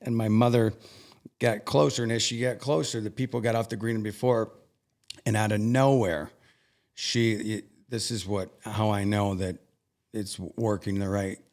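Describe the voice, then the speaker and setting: A young man earnestly recounting a personal story as an interview guest, halting and emotional at times. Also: on the low side, fairly even intonation, a little mellow.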